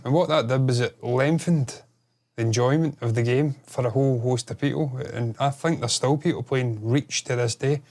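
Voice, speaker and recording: A man, co-hosting a casual gaming chat, animated and sweary, prone to rambling. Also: mid-range voice. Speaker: podcast co-host.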